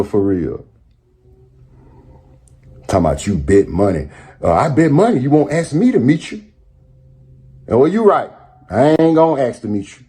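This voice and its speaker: A man's voice: mid-range voice, warm tone, breathy edge. A man making a sarcastic, mocking callout. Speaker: rapper responding in a clip.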